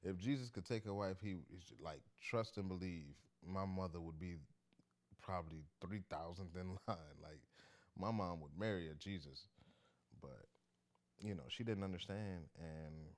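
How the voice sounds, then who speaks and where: A man's voice: low voice, unhurried. A man who does stand-up comedy, telling a story in a loose, chatty, slangy way. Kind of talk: casual storytelling to camera.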